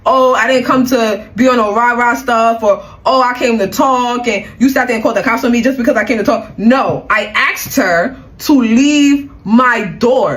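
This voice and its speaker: A woman's voice: fairly high pitch, a bit bright. A young woman telling a personal story in a casual vlog, blunt and heated, with plenty of slang and cursing.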